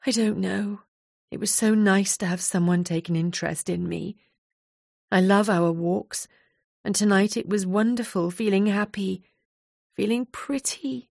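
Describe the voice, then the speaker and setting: A woman's voice: mid-range voice, a little slow, creaky, a little mellow, no room sound, clean studio sound, voice pushed up. A woman voicing a tearful, self-critical woman of forty in an audiobook. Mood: upset.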